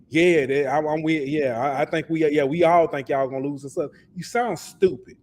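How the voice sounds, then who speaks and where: A man's voice: fairly high pitch, brisk, few pauses, a little mellow. A man co-hosting a sports podcast, ranting passionately in casual talk and often repeating words. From lives in Alabama. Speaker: podcast co-host.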